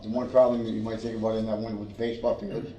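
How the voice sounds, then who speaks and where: A man on a committee giving practical suggestions at a meeting, halting and repeating words. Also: fairly low pitch, little pitch movement, mellow. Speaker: committee member. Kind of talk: meeting discussion. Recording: echoey room, far from mic.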